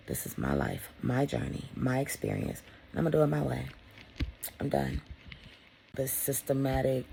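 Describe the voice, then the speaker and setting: A woman vlogger talking in a casual motivational monologue, blunt and profane, swinging between loud emphasis and hushed whispers. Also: a bass voice, creaky, breathy edge.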